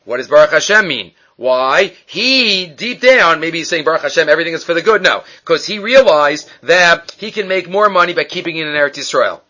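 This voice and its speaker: High bright-voiced man teaching Talmud. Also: animated, normal speed, few pauses. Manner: asks and answers his own questions. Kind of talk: Talmud class lecture.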